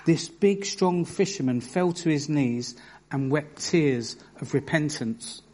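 A man preaching a sermon, telling stories with earnest emphasis and reading scripture aloud in a measured way. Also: a little high, a little mellow. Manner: earnest storytelling with bursts of emphasis.

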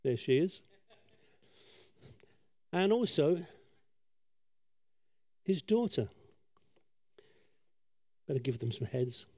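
Man, storyteller, sketchboard painting, mellow, dry, chatty asides. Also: fairly high pitch, sing-song, very slow, pauses often, dry recording. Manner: chatty, self-deprecating, many asides and restarts. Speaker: children's talk storyteller.

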